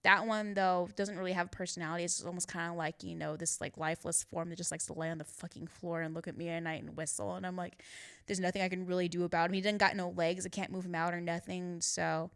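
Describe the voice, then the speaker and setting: A woman's voice: lowish voice, level tone, fast, vocal fry, few pauses, a bit bright, clean tone. A woman guest on a podcast, talking candidly and casually, with a lot of swearing and frequent laughter. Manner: candid, profane, laughs often. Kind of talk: casual chat.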